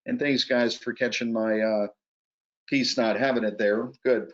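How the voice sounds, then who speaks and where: A man's voice: medium pitch, normal speed. Male webinar presenter, persuasive and pressing, muffled video-call audio. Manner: energetic, urgent, persuasive. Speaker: guest presenter. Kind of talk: sales pitch on a webinar.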